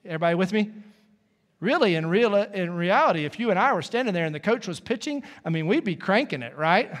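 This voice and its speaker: A man's voice: high voice, expressive, fairly quick, long reverb tail. A male pastor preaching a sermon in a conversational way, with folksy asides to the congregation. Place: church sanctuary.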